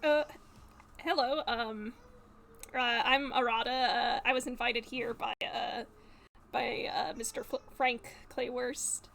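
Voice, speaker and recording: A woman's voice: on the high side, fairly even intonation, slow, gravelly, fairly bright tone. Upbeat woman playing a tabletop game. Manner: giggly, full of fillers. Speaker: player.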